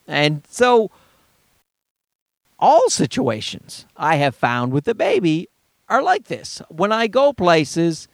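A man's voice: sing-song, slow, creaky, no room sound. A man in his thirties telling rambling, profane stories in a casual monologue, acting out the people he quotes. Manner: profane, rambling storyteller who acts out quoted people in a high voice.

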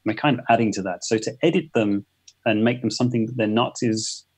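A man's voice: mid-range voice, fast talker, darkish tone, breathy edge. A man, a photographer guest talking thoughtfully in a casual interview, with frequent restarts. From England. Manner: thoughtful, hesitant, many restarts.

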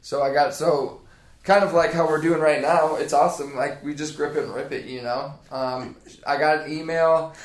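A man's voice: a little high, fairly even intonation, moderate pace, reverberant. A man in his thirties from Indiana, a personal trainer chatting as a podcast guest in a rambling, laid-back way with lots of fillers. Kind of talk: casual interview chat.

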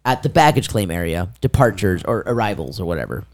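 A man's voice: low-pitched, quick pace. A man co-hosting a casual podcast, animatedly telling a story and acting out the voices of people in it. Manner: animated, acts out quoted voices, laughs mid-story. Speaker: podcast co-host.

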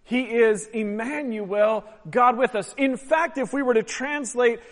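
A man preaching a sermon as pastor, emphatic and swelling louder on key phrases. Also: very high voice, fairly even intonation, measured pace. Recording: long hall reverb.

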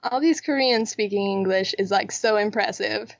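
With a medium-pitched voice and some vocal fry, a female podcast co-host talks at a moderate pace about a TV drama. She's candid and jokey, full of slang, on a dry, lo-fi recording.

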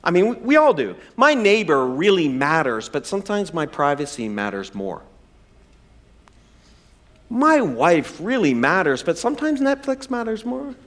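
Man in his forties, pastor, high voice, very lively pitch, joking sermon delivery. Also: a little slow. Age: 40s. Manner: humorous, conversational preaching with self-deprecating asides.

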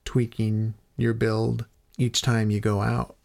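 A man co-hosting a gaming podcast, chatting casually in a loose, halting way with restarts. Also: lowish voice, little pitch movement, creaky, darkish tone. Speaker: podcast co-host.

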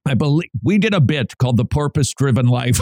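A man's voice: medium pitch, a little mellow, no echo. A man hosting a Christian radio show, talking in an earnest, preacherly way with emphatic repetition into a studio mic. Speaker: radio host. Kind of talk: radio commentary.

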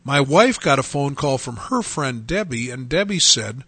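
Earnest man giving a halting personal testimony. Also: mid-range voice, big pitch swings, bright, forceful tone, husky, no room sound. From North Dakota. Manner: halting, earnest storytelling with many restarts.

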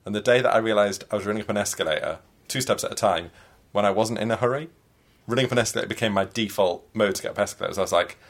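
Animated man guest. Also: on the low side, racing. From Yorkshire, England. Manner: animated, self-deprecating storyteller. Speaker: guest, performer. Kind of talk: casual interview chat.

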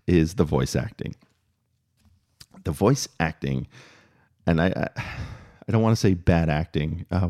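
A man talking through a spoken review, opinionated and measured, with frequent fillers and restarts. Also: sits low, warm tone.

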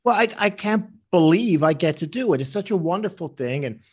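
A man's voice: high-pitched, animated, fairly quick, slightly rough. A man answering interview questions with rambling anecdotes, acting out the people he quotes. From Canada. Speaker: interview guest, comedian.

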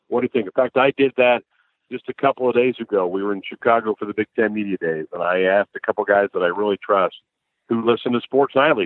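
A lower-pitched man from the American Midwest, a sportscaster telling animated stories with quick restarts. His voice comes over a thin, phone-like line with almost no room sound. He talks casually and easily. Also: no room sound. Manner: animated storyteller, frequent restarts and laughs. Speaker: sportscaster guest. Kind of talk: conversational interview storytelling. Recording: dry, phone-like narrow line.

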